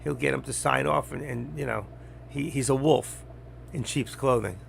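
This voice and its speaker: An older man talking bluntly and rambling on a trading live stream, getting louder as he teaches. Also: medium pitch, normal speed, creaky, slight background noise. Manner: blunt, rambling, gets loud when teaching. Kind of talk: casual live-stream talk.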